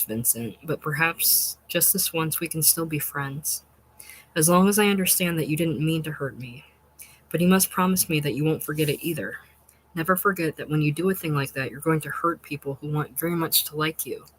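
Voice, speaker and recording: A reader voicing a gentle, earnest female schoolteacher with a soft, pleading manner, in a short-story reading. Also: medium pitch, breathy edge, low-quality recording.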